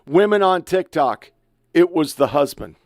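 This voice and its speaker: A podcast host in his fifties reacts to online clips with a blunt, profane, emotional, heated rant. His voice is a little high and sing-song at a measured pace, on a dry, studio-quality recording.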